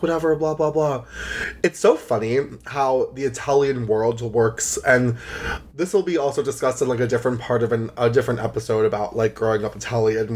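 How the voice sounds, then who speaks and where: A young man hosting a casual solo podcast, chatty and rambling with lots of "like", sometimes close to tears. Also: medium pitch. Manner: chatty, rambling, heavy use of "like". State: emotional, near tears. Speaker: podcast host.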